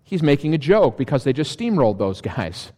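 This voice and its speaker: A man's voice: medium pitch, big pitch swings, fairly quick, mellow. A male pastor preaching a sermon, reading scripture and dropping dry, sarcastic asides. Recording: long reverb of a large hall.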